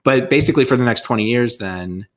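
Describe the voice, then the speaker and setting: Talking at a quick pace in a medium pitch, a male podcast co-host rambles through a casual chat, laughing and dropping lots of fillers.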